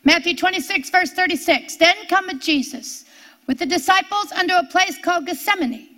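A woman preaching a sermon, reading scripture slowly and drawing out her words. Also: very high-pitched, bright, forceful tone. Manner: slow, drawn-out scripture reading.

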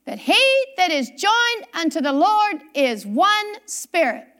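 A woman preaches a sermon in a very high, bright voice that rises and falls a great deal. She takes her time, reading scripture slowly and repeating key phrases for emphasis. She often puts questions straight to her listeners. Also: big pitch swings. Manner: questions the congregation directly.

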